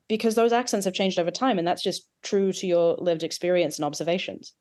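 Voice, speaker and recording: Australian-accented woman coach, animated, quick asides, podcast guest. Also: mid-range voice. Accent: Australian with some American influence. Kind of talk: podcast interview.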